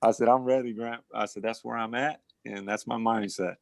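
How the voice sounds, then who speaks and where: A former boxing champ in middle age tells animated stories from his career in a casual interview, his medium-pitched voice fairly quick and marked by vocal fry. He restarts a lot, repeats words and breaks into short laughs. The recording is dry.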